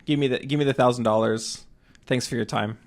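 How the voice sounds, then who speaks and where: A man playing a tabletop game, calmly declaring his character's actions in a laid-back, deadpan way. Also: mid-range voice, a little fast. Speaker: player. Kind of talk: casual tabletop play.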